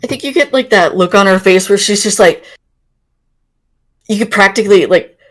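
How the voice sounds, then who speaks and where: A woman's voice: medium pitch, normal speed, rough recording. A woman playing a tabletop role-playing game, talking in and out of character with hesitant fillers and frequent laughs. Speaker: player. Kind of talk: tabletop role-play, mixing in-character talk and chat.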